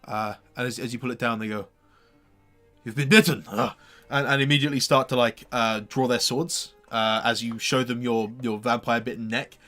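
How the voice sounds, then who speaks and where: Bright-voiced man narrating a game. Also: mid-range voice, little pitch movement, fairly quick, few pauses, soft background music. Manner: rambling, full of fillers and restarts. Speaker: game master.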